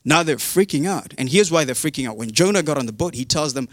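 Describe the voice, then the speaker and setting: A man's voice: a little high, animated, fast, no echo, clean studio sound. A man preaching a casual sermon, retelling a Bible story in a chatty, humorous way with modern slang.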